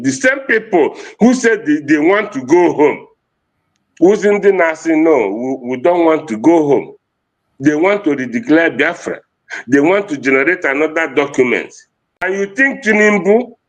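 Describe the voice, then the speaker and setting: A man from Nigeria with an Igbo-accented English, giving an impassioned political speech and switching between Igbo and English. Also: on the high side. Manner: fervent, mixes Igbo and English, repeats phrases. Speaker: activist speaker.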